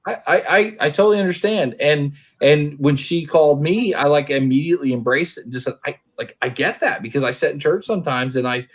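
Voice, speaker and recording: A man's voice: a little high, brisk, few pauses. A middle-aged man from Oklahoma telling stories in casual chat, rambling and restarting his sentences. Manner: rambling storyteller, many restarts.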